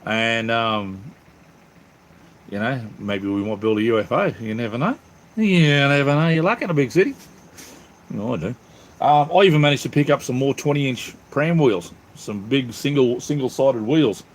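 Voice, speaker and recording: An Australian man hosts a casual live stream from home, reading the live chat and rambling cheerfully, calling his viewers mate and brother. His voice is mid-range and his pace moderate.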